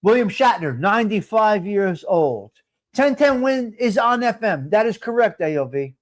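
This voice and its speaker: Very animated but at a normal speed, a man in his fifties hosts a live stream and chats casually with his viewers. His voice is high for a man, and he rants loudly, swears freely and calls viewers by name throughout.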